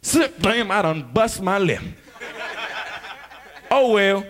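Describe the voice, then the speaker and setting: A young man doing a loud, rowdy stand-up comedy set, laughing between punchlines. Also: high voice, big pitch swings, takes it slowly.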